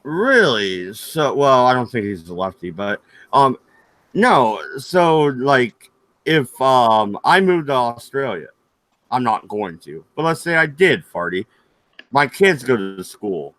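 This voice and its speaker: Brash bright-voiced American man. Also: medium pitch, big pitch swings, takes it slowly, no echo. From United States. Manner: brash, swears, laughs at own jokes. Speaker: streamer and podcast co-host. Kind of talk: casual crude banter on a livestream.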